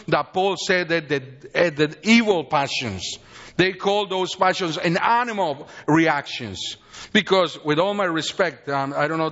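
High-voiced Mexican preacher, earnest. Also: male voice, fairly bright tone, big-room sound, lo-fi sound. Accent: Mexican Spanish. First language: Spanish. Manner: earnest, rambling, broken English. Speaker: preacher giving testimony. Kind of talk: sermon testimony.

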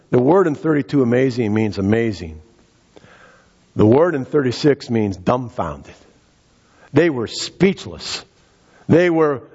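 A man preaching a sermon as pastor, earnest, repeating words and rising in pitch for emphasis. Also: a little mellow, breathy edge, dull audio.

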